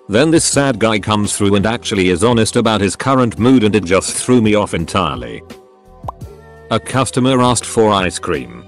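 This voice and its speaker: Low-voiced man narrating stories. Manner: reads stories aloud in a lively, storytelling way. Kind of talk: scripted narration of online stories. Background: faint background music.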